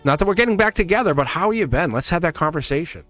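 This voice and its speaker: A man's voice: on the high side, expressive, fast talker, a bit bright, faint music behind. A man giving a casual tarot reading to camera. He is chatty and reassuring, often asks "see?" and chuckles as he talks. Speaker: tarot reader.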